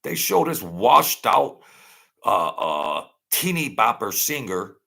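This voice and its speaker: Slow, gravelly middle-aged man rambling. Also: on the low side, very animated, pushed and bright. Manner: rambling, repeats phrases, mocking. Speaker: channel host. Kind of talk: late-night rambling monologue.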